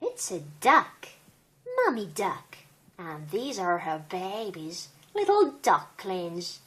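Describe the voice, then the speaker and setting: Very slow, lively woman reading a storybook. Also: fairly low pitch. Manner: gentle, sing-song, child-directed. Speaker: storybook reader. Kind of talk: reading a picture book to a child.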